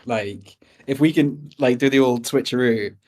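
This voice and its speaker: A man's voice: mid-range voice, unhurried, darkish tone. A man playing a tabletop game, explaining his character's moves in a loose, chatty way. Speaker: player. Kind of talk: casual tabletop play.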